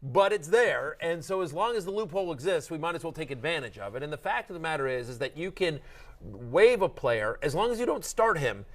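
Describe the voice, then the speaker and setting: A man's voice: fairly high pitch, expressive, brisk, a bit bright. A middle-aged man hosting a fantasy football show, talking in a chatty, joking way with lots of restarts and asides. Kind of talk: casual sports chat.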